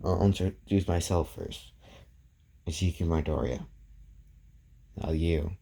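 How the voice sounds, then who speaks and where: A man voicing a calm, caring teenage boy hero in a storytelling, speaking gently and matter-of-fact. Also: low-pitched, takes it slowly, creaky, exaggerated voice.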